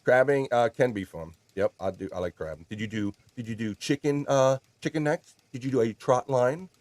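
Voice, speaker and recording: A man's voice: mid-range voice, a little fast, darkish tone, no room sound. A man hosting a casual livestream, chatting and reading viewer comments aloud in a jokey, playful way. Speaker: livestream host.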